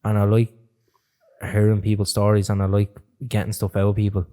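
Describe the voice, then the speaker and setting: A young man, an animated storyteller who swears freely and laughs a lot while chatting as a podcast guest. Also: fairly low pitch, brisk. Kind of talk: casual chat.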